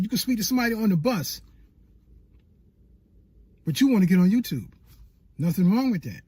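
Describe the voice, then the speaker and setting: A man's voice: high voice, warm tone, breathy edge, dry recording. A man coaching new YouTubers in an emphatic, preacher-like motivational talk, repeating his points and acting out people's inner doubts.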